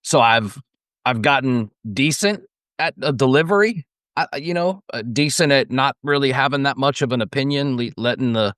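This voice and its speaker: A man hosting a casual interview, easygoing and affirming. He asks questions at an unhurried pace. The close mic gives a dry sound. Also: medium pitch, no echo. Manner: relaxed, affirming, says "man" and "yeah". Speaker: podcast host.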